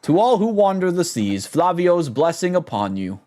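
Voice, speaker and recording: A man's voice: high voice, very animated, normal speed, warm tone, pitched above the performer's own voice. A man doing Flavio, a pompous vain adventurer. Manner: theatrical, self-praising. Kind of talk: fan voice acting of a game.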